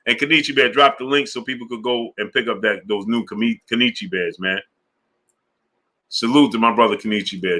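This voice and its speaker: Bright-voiced man hosting a live stream. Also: medium pitch, a little fast. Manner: laid-back, slang-heavy, shouting out viewers. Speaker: sports channel host. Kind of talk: casual live-stream chat reading super chats.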